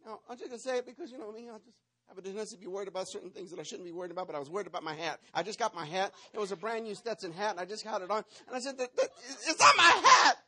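A man's voice: high-pitched, racing, breathy edge. A man preaching a sermon, telling a playful, dramatic story and acting out the parts. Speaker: pastor.

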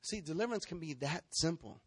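This animated sermon comes from a male pastor who acts out members of his congregation through role-play. His voice is fairly high and slightly rough, a little fast, with no room sound.

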